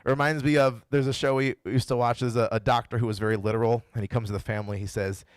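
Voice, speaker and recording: A man's voice: medium pitch, steady tone, fast, no room sound. A man pastor giving a casual, conversational sermon and retelling the story in his own words. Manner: conversational, playfully voices the characters he quotes.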